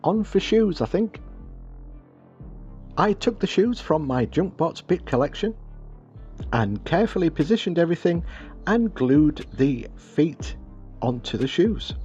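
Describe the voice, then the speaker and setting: British male host, dry self-mocking wit, animated delivery, voice-over for a craft build video. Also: fairly high pitch, unhurried, long pauses, lo-fi sound, soft background music. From Britain. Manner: wry, self-deprecating humor. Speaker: scratch-build hobby channel host.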